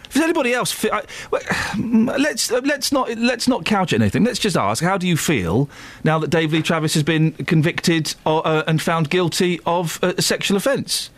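A radio host talks in a playful, chatty, self-mocking way. His voice sits a little high and swings widely in pitch. He is speaking from a radio studio. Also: expressive, normal speed, no echo. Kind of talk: casual radio chat.

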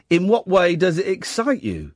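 A man's voice: high-pitched, wildly swooping pitch, measured pace, a little mellow, no room sound, clean studio sound. A man hosting a late-night radio phone-in, wry and teasing. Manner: wry, teasing, self-mocking. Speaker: radio host. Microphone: studio mic.

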